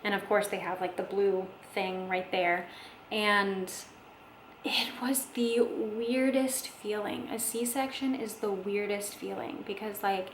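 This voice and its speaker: A woman's voice: mid-range voice, steady tone, slow pace, echoey room, a little hiss or hum, poor audio. A young woman casually telling a personal story, chatty, with lots of fillers and acted-out quotes. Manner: chatty, many fillers, acts out quoted voices. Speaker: vlogger telling her birth story.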